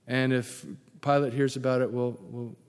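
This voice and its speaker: Preacher playing conspiring rulers, hushed low voice, lingering hall reverb. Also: male voice, fairly even intonation, normal speed, clear, resonant tone, close to an everyday voice. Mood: conspiratorial. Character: scheming religious rulers bribing guards, men.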